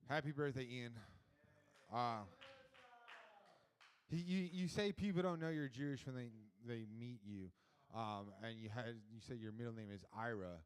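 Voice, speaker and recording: A man doing a stand-up set on a club stage, working the crowd in a dry, deadpan way. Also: mid-range voice, moderate pace, a little hiss or hum. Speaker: stand-up comedian.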